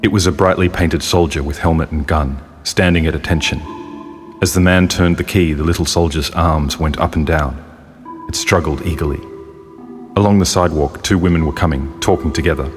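A man reading a short story aloud in a measured storytelling delivery as a podcast narrator. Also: very deep voice, fairly even intonation. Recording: long hall reverb with soft music.

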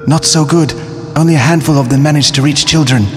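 A man voicing a small, anxious male toy airplane messenger who reports in a quick, worried way. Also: a little high, steady tone, pitched above the performer's own voice, close to an everyday voice. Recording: reverberant audiobook with faint music.

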